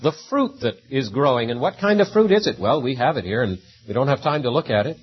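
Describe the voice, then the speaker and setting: A man's voice: mid-range voice, expressive, fairly quick, breathy edge, lo-fi sound. A man preaching a sermon in a conversational way, often tagging rhetorical questions onto his points.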